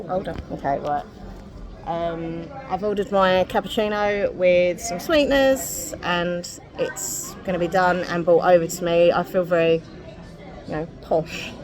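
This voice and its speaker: Chatty woman vlogging on the go. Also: lowish voice. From England. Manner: chatty, self-deprecating, laughs often. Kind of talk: casual chatty vlog narration. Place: out and about, then inside a busy café.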